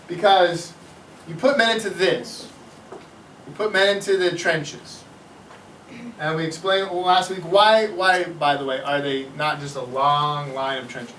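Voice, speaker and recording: A middle-aged male teacher lectures with animated energy and keeps quizzing his students. His voice sits high and sounds bright. He is caught from a distance in a room with a lot of echo. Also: slight background noise. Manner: animated, asks the class questions. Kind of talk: classroom history lecture. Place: classroom. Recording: echoey classroom from far off.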